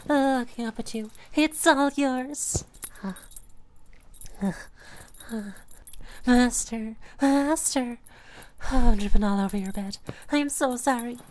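A young woman doing a breathy, devoted catgirl pet in an intimate audio role-play. She pleads in a slow, drawn-out way with a voice pitched a little high. The lines come with sighs and soft gasps. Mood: pleading. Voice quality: breathy, sighing.

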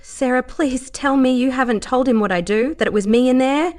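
A woman's voice: medium pitch, measured pace, lightly acted. A woman voicing a shaken young woman who stammers and pleads in panic. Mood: panicked. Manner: stammering, desperate.

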